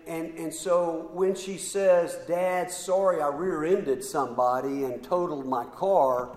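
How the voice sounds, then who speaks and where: A middle-aged man tells a sermon story at an unhurried, halting pace, stacking one clause on the next. His voice sits a little high. It rings through a large, echoing hall with a long tail of reverb. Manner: slow, halting storyteller with repeated ands and pauses. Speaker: preacher.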